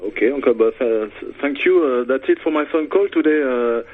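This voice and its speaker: A man's voice: mid-range voice, brisk. A man calling in to a radio show, speaking in a hesitant, stumbling way and thanking the host effusively. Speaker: phone-in caller. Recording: tinny phone line.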